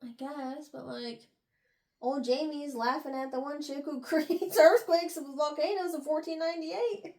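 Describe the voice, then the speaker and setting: A woman's voice: high-pitched, fairly even intonation, normal speed, a little mellow. A young woman casually recapping a novel's chapters, acting out the characters' lines as she retells the plot. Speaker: book review podcast host. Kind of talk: casual book recap chat.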